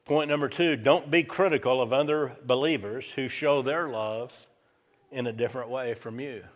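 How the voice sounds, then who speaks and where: A man's voice: mid-range voice, normal speed. Male pastor, emphatic sermon delivery, repeats points, mid-range voice, long hall reverb. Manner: emphatic, repeats key lines for effect.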